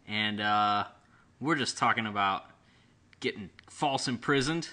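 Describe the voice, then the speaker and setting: A man's voice: fairly low pitch, unhurried, bright, forceful tone. A man co-hosting a casual podcast, chatting and telling stories with lots of fillers and easy laughter. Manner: laughs easily, storytelling with many fillers. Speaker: podcast co-host. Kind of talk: casual chat.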